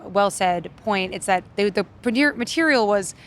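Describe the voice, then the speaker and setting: A woman from Worcester, a podcast guest chatting about a film in a quick, blunt, jokey way. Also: mid-range voice, lively intonation, a little hiss or hum. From Worcester, Massachusetts. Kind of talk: casual movie review chat.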